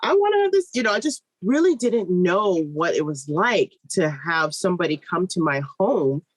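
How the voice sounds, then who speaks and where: Animated woman telling a birth story. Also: slightly rough, dry recording, low-quality recording. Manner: animated, acts out quoted voices with big pitch jumps; fast, run-on telling with restarts. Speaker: guest, midwife. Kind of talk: personal storytelling in conversation.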